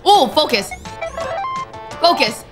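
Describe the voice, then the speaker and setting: A woman's voice: sits high, lively intonation, slow pace. A young woman commenting on her gameplay, talking to herself and jumping with nervous exclamations, with game music behind her. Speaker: gaming streamer.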